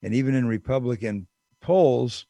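A man's voice: mid-range voice, lively intonation, moderate pace, creaky, mellow, no room sound, clean studio sound. An older man giving a casual, digressive political commentary monologue with emphatic asides.

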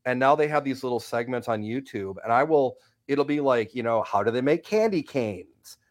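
A man's voice: mid-range voice, lively intonation, normal speed. A man guesting on a radio talk show, chatting casually about theater in a rambling, self-deprecating way. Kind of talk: casual radio interview chat.

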